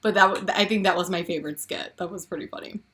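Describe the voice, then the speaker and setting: A woman's voice: fairly low pitch, fast, a bit bright. A woman co-hosting a casual pop culture podcast, gushing and laughing often, with many "like"s. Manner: gushing, giggly, lots of "like". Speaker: podcast co-host.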